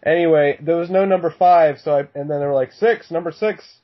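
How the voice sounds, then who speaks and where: A man's voice: a little high, steady tone, fast talker. Casual male podcast guest, profane, laughing storyteller, dull lo-fi recording. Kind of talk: casual chat. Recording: dull lo-fi sound.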